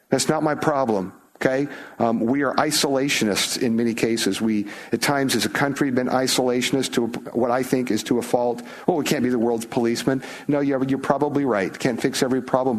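Pastor guy giving a sermon, kinda husky voice, chatty, lots of rhetorical questions. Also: medium pitch. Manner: conversational, animated, rhetorical questions.

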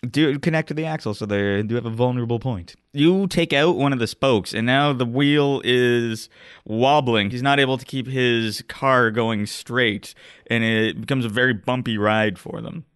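A man game master narrating a tabletop game in a slow, descriptive way with pauses. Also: medium pitch, a bit bright, clear, resonant tone, no echo, clean studio sound.

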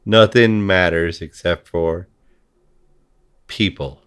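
A man's voice: low voice, takes it slowly, fairly bright tone, smooth. A man in a heated conversation, talking bluntly and swearing freely as he rants. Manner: blunt, profane ranting.

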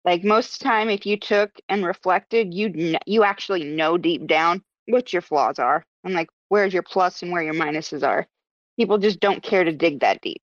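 A woman's voice: on the low side, moderate pace, dry recording. A woman on a casual podcast speaking in a matter-of-fact, reflective way. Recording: dry, dull lo-fi audio.

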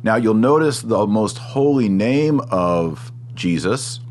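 A man teaching the Latin words of a Catholic prayer in a casual spoken lesson, patiently repeating words slowly to drill their pronunciation. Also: on the low side, expressive, darkish tone, slight background noise.

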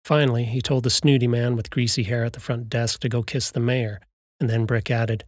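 A man narrating a story in a steady, even storytelling voice. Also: medium pitch, a little fast, no echo, clean studio sound. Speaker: audiobook narrator. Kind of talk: scripted narration.

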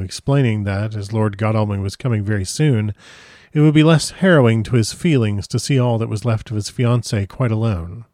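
A man reads a classic novel aloud in a measured, solemn voice. His pitch sits low and the recording is dry and close, with no room sound. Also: a little mellow, no room sound. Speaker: audiobook narrator. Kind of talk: first-person literary narration.

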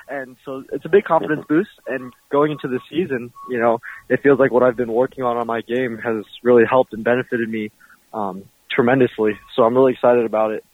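A man's voice: mid-range voice, quick pace, no room sound. Chatty man on a tinny remote line. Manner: relaxed, chatty, many fillers. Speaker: professional bowler guest. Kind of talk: casual interview answers. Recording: tinny phone-like line, dry.

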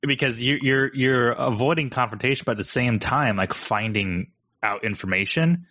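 A man co-hosting a podcast, telling animated stories, acting out quotes and laughing often. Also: medium pitch, moderate pace, dry recording. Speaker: agency co-owner and podcast host. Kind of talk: casual podcast chat.

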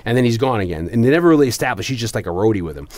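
A man's voice: mid-range voice, racing, no echo. A man co-hosting a podcast in casual chat, telling long rambling stories full of fillers. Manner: rambling, animated storytelling with frequent fillers. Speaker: podcast co-host.

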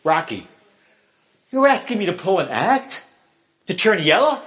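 A man's voice: high-pitched, very animated, a little slow, a bit bright, full character voice. A man doing a tough condemned gangster. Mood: defiant. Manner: pleading, panicked wailing when terrified. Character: defiant tough male gangster on death row.

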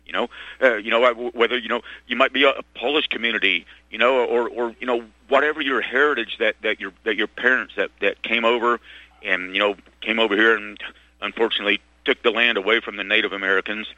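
A middle-aged man hosting a talk radio show, talking in a halting, rambling way full of restarts and fillers. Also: lowish voice, steady tone, bright, forceful tone, no echo, muffled recording. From Texas. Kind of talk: rambling monologue.

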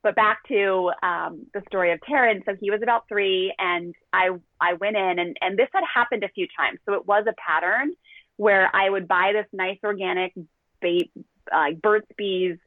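A middle-aged parenting coach with a medium-pitched voice tells candid stories at normal speed in a podcast conversation. She's animated and acts out the quotes, heard over a dry, tinny, phone-like line.

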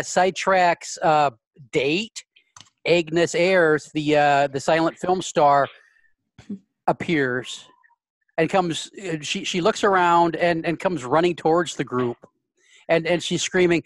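Man narrating a tabletop game, halting, repeats words, slightly high voice, dry close sound. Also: dry recording. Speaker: player.

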